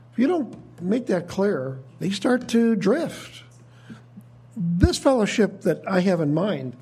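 Male preacher, husky and high-pitched, measured teaching sermon. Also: dark tone. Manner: measured, thoughtful teaching with frequent restarts.

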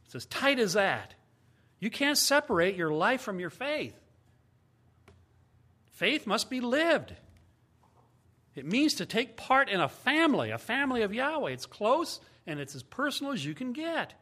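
A man's voice: very high voice, big pitch swings, measured pace, long pauses, sharp tone. A man giving a teaching sermon as a Bible teacher, speaking emphatically and explaining step by step with rhetorical questions.

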